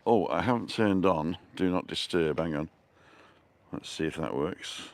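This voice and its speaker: A man's voice: deep voice, unhurried, no echo. A middle-aged man live-streaming a walking tour outdoors, chatting and greeting viewers by name from a handheld phone. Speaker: vlogger. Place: outdoors on town streets.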